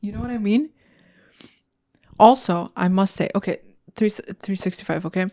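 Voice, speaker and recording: A woman's voice: mid-range voice, normal speed, mellow. A young woman hosting a solo podcast, ranting in a blunt, heated and profane way. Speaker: podcast host. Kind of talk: casual solo podcast rant.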